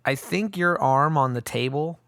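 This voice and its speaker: A man's voice: a little high, normal speed, smooth, no echo, clean studio sound. A man in his forties co-hosting a podcast in casual chat, chiming in with short, easygoing remarks. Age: 40s. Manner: relaxed, chimes in with short remarks. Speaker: podcast co-host.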